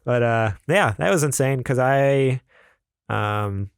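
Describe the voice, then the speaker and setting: Young male podcast co-host, gravelly, rambling storyteller, dry close sound. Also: medium pitch, takes it slowly, no echo. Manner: rambling, laughs often. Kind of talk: casual chat, storytelling.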